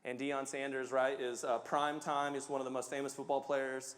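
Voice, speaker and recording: A man's voice: mid-range voice, flat delivery, moderate pace, fairly bright tone, in a large hall. A man, a pastor, giving a sermon in a conversational, emphatic way, joking about himself. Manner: emphatic, conversational preaching with self-deprecating humor.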